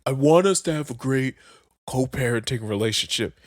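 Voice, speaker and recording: Man playing mild stepdad, polite, placating, lively pitch, dry. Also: moderate pace, dry recording, close to an everyday voice. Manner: soft, placating, friendly. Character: overly polite suburban stepdad, gentle.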